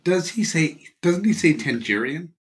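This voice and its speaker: Enthusiastic chatty man, expressive pitch. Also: measured pace. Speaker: podcast co-host. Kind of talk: casual movie chat.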